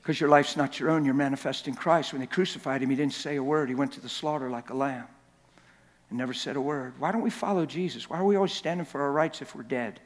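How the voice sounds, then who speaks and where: A man preaching a sermon with emphatic repetition, joking with the congregation and building to shouts. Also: medium pitch, quick pace. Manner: emphatic, repeats words for effect, rises to shouting at climaxes; jokes with the crowd. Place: church hall. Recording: long reverb in a big church hall.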